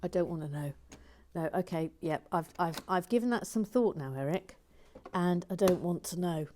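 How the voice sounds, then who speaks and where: Woman, lowish voice, playful chatter, casual building stream, quick laughs. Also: lively intonation, warm tone, a little hiss or hum. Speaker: host building and reading comments. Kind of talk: casual chat while building.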